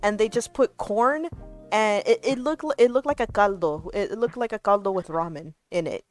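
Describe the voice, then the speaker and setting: A woman's voice: mid-range voice, moderate pace, soft background music. Woman ranting with cheerful profanity. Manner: profane, animated ranting with laughs. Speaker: streamer. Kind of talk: casual chat on a livestream.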